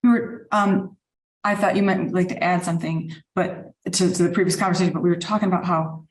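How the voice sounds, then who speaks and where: A woman with a lowish voice moderates a panel, encouraging the speakers and calling on each in turn. Her voice carries a roomy echo, as if she is on a video call from a bare room. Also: steady tone, a little fast.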